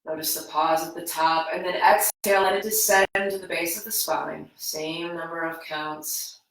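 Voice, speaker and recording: A woman teaching a slow yoga class, guiding breath and movement in a calm, soothing way. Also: on the low side, vocal fry. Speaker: yoga instructor. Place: home room. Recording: echoey room, voice from a distance.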